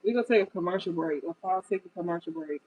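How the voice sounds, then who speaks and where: A woman's voice: on the low side, very fast, darkish tone. A woman giving a casual tarot reading to her viewers, blunt and profane, often cracking up at the cards. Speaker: tarot card reader. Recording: tinny phone-like dry sound.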